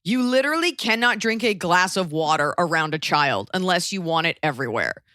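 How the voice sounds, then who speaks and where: A woman's voice: on the low side, lively intonation, brisk, sharp tone, no room sound, clean studio sound. A woman in her thirties hosting a podcast, giving blunt, rambling, jokey advice in casual chat. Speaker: podcast host.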